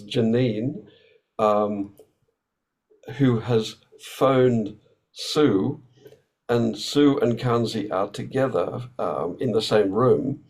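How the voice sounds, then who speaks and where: A man giving an academic workshop talk. He explains his ideas thoughtfully, often pausing on fillers and restarting his sentences. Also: fairly low pitch, darkish tone, low-quality recording. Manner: hesitant, with frequent fillers and restarts. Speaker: academic speaker.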